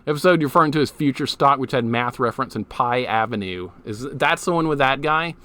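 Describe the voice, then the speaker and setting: Chatty gamer guy with a lively voice. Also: mid-range voice, a little fast. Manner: chatty, animated, laughs easily, swears casually. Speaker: streamer. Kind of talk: casual gameplay commentary, chatting with viewers. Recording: game music playing loudly beneath the voice. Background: retro game music.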